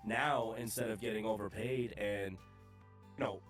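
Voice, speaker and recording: A man's voice: on the low side, fairly even intonation, a little slow, faint music behind. A man, the league commissioner, explaining rules in a rambling, restart-filled casual way.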